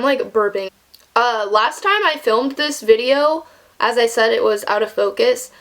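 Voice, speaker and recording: A young woman telling a storytime vlog in a chatty, casual way, with lots of "like" fillers. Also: on the high side. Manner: chatty, filler-heavy, animated when retelling. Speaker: vlogger.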